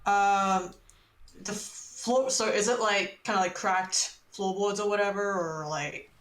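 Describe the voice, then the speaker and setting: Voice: medium pitch, steady tone, slow, a bit bright, soft background music. A player in a casual tabletop game who giggles often and thinks aloud hesitantly. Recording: echoey room, faint hiss.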